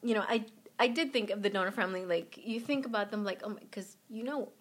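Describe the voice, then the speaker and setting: A middle-aged woman being interviewed, telling a personal story in an animated way and acting out what people said. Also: mid-range voice, quick pace. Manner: animated, acts out quoted voices. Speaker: guest, mother of a patient.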